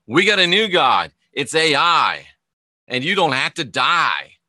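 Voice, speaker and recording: A man voicing a smooth-talking male serpent tempter who makes coaxing, repetitive promises in a hushed tone. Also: on the high side, very animated, unhurried, dry recording, full character voice. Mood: coaxing sales pitch.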